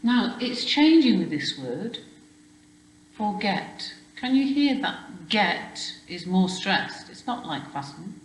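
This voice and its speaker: A woman's voice: mid-range voice, very animated, takes it slowly, hardly any pauses, echoey room, a little hiss or hum, low-quality recording. A woman teaching a children's spelling lesson, explaining patiently step by step and checking with questions. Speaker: primary school teacher.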